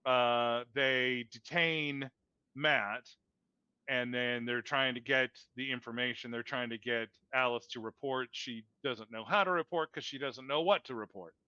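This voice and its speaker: A man chats through a movie's plot on a podcast, stopping and restarting his sentences as he goes. His voice is bright and smooth. The recording is dry and slightly muffled. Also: mid-range voice, unhurried, dry recording. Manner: recaps plot with many fillers and restarts. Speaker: podcast co-host. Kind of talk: casual movie discussion.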